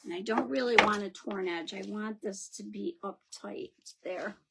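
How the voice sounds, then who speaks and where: A woman's voice: medium pitch, moderate pace, vocal fry, very noisy. A woman hosting a live crafting demo, chatting and greeting viewers by name as she works. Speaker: craft livestream host.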